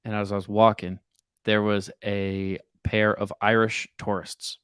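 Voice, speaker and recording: A young man co-hosting a casual sports podcast, telling stories in a relaxed way. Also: on the low side, unhurried, clear, resonant tone, dry recording, clean studio sound. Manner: relaxed storyteller. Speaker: podcast co-host.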